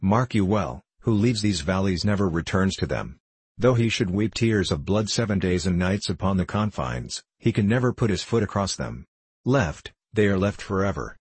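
A man voicing Wisdom, a sorrowful, wise old man, in a storybook reading, speaking gravely. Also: low-pitched, darkish tone, no room sound. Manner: grave, solemn speech.

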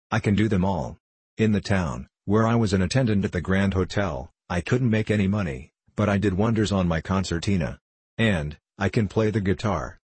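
A man's voice: low-pitched, darkish tone, breathy edge, no room sound. A man voicing a boastful, chatty young ex-hotel attendant who plays the concertina.

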